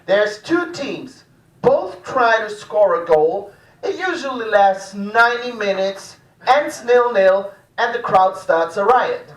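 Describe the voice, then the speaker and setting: A woman doing stand-up comedy in a small cafe room. She talks in an unhurried, drawn-out way with a wry, mocking edge. Her voice sounds distant and echoes around the room. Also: fairly high pitch, sing-song. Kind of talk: live stand-up set.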